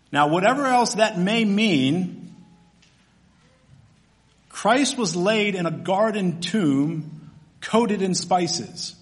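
A man's voice: high voice, slow. A man, a pastor, preaching a sermon in a conversational, storytelling way with casual fillers.

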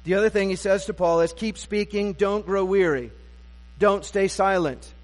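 A pastor preaching a sermon to his congregation, conversational and self-deprecating with wry humor, recorded in a church sanctuary. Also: sits high. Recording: long reverb of a church sanctuary.

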